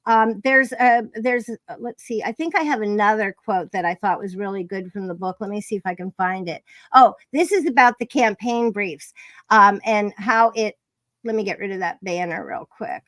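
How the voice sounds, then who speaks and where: A woman's voice: mid-range voice, moderate pace, fairly bright tone, no echo. A woman hosting a live-streamed interview, chatty and effusive, with many fillers and restarts. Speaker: podcast host.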